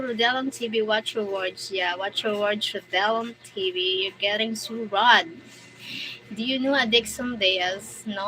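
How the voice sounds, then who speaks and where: A Filipino woman hosting a casual livestream, reading viewer comments aloud and answering in halting English mixed with Tagalog. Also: fairly high pitch, a little hiss or hum, poor audio. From Philippines. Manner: switches between English and Tagalog, halting English with restarts. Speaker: livestream host.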